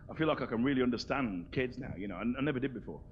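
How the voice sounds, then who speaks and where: A man in his thirties doing live stand-up comedy, animated and cheeky, acting out little voices. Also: mid-range voice, rapid-fire, very noisy. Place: large theatre stage. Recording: roomy lo-fi VHS stage recording.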